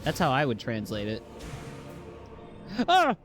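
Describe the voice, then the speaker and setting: A man casually commentating his game playthrough, jokey and excitable, reading item scans aloud. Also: medium pitch, slow, music in the background. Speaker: game streamer. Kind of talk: casual let's-play commentary.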